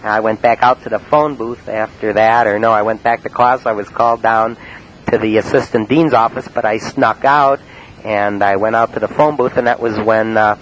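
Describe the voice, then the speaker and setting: A man from Cleveland telling about his prank calls in a halting, rambling monologue full of uh and um. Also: fairly low pitch, rough recording. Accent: Cleveland, Ohio. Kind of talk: rambling spoken-word monologue. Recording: faint hiss on an old cassette tape.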